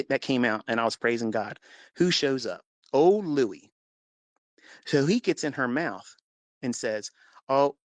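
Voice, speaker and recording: A man's voice: mid-range voice, no echo. A man hosting a live audio podcast, telling an emotional personal story and acting out the dialogue with big jumps in his voice. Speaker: podcast host.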